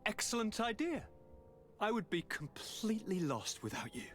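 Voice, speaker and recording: Polished noble governor, courtly, animated pitch. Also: male voice, faint music behind. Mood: courteous. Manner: courtly, measured. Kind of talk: video game dialogue.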